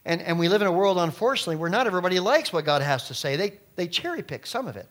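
Middle-aged male pastor, sermon delivery, emphatic with sudden quiet drops, slightly high voice. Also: very animated, very fast, few pauses. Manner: emphatic, swings between loud stresses and quiet low asides.

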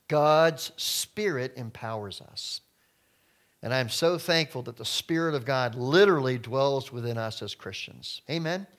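A man's voice: medium pitch, a bit bright. A man preaching a sermon in numbered points, acting out quoted voices along the way. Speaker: pastor.

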